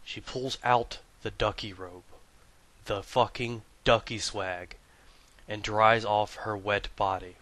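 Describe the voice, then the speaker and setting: A man's voice: on the low side, slow, no room sound. A man hosting a gaming video, telling a comic story and talking through his gear with crude, profane banter. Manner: shifts from hushed storytelling to loud excited bursts. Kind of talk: comic storytelling and gameplay commentary.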